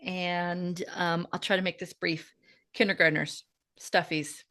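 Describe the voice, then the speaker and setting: A middle-aged woman hosting a chat show, telling an animated story about her teaching day and acting out the people in it. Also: lowish voice, a little slow. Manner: animated storytelling, acts out voices. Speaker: podcast host. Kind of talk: casual chat.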